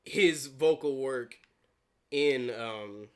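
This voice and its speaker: A man's voice: mid-range voice, drawn-out words. A man co-hosting a casual gaming podcast, joking, laughing often and running through award winners. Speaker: podcast co-host. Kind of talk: casual chat.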